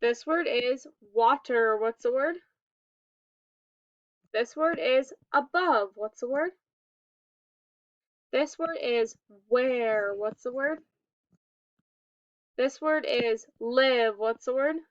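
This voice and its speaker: A woman with a high, bright and smooth voice leads a phonics lesson for young children. She speaks slowly and enunciates each word with care. The recording is a little dull, like a lo-fi home setup. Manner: slow, deliberate, clearly enunciated word prompts. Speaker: teacher.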